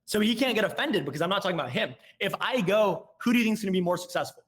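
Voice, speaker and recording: A young man, a guest on a casual podcast, explains sales tactics in a lively way and acts out both sides of a call. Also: sits high. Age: young adult. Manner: rapid, animated explaining, acting out both sides of calls.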